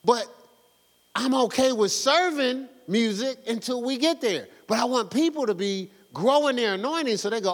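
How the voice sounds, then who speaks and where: Male pastor, sermon, fervent and slangy; lively delivery with long hall echo. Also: very high voice, normal speed. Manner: fervent and conversational, slangy, exhorting the congregation.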